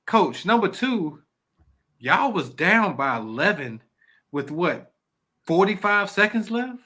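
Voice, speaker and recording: A man with a high, sharp, forceful voice co-hosts a podcast. He talks excitably and emphatically, with blunt asides and mild swearing. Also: takes it slowly. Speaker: podcast co-host. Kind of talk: casual podcast talk.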